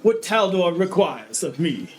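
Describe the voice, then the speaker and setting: A man's voice: high voice, sing-song, measured pace. A man voicing a boastful older male baron who brags about his war deeds with mock humility. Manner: hearty, mock-humble boasting.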